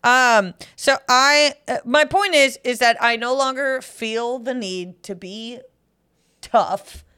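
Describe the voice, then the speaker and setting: A young adult woman co-hosting a podcast in casual chat, joking and dropping into low deadpan asides. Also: slow pace, clean tone. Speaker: podcast co-host.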